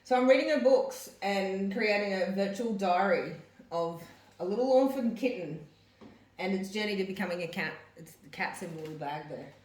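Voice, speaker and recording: A woman talking casually to camera, then reading old diary pages aloud in a halting way with restarts. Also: medium pitch, expressive, a little mellow. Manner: halting, reads with restarts and corrections. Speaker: vlogger reading her mother's diaries. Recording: roomy echo.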